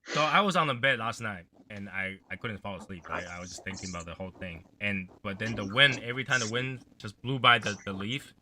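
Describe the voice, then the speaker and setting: A man's voice: lowish voice, animated, a little fast, few pauses, bright, forceful tone, a little hiss or hum. A man hosting a casual livestream chat, rambling in a gloomy, offhand way and swearing now and then. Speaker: livestream host.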